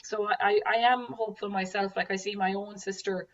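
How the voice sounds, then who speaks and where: A woman from rural Ireland hosts a conversation, thinking aloud with lots of "like" and "you know". Her voice is mid-pitched. She sounds set back from the mic, with a dull, muffled tone. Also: level tone, fairly quick, fairly bright tone, recorded from a distance. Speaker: host. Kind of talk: casual interview talk.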